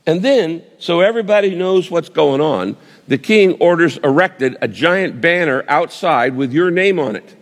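A male pastor delivers a sermon as vivid storytelling, breaking off and restarting as he builds the scene. His voice sits fairly high for a man, and long reverb trails each phrase as in a large hall. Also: lively intonation, measured pace.

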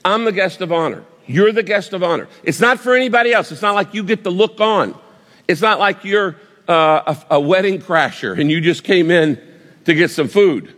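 A man preaching a sermon, telling a vivid story with pauses and restarts. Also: high-pitched, expressive, a bit bright, big-room sound. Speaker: pastor.

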